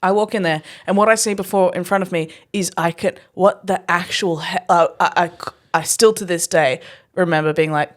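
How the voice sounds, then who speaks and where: A young adult woman, co-hosting a podcast and telling a story in casual chat, animated and swearing freely. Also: fairly low pitch, normal speed. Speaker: podcast co-host.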